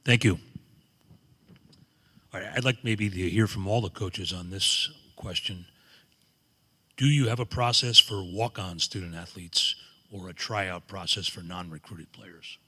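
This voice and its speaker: Husky, deep-voiced male moderator. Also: a little slow, long pauses, sharp tone. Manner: polite, direct. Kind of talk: panel moderation.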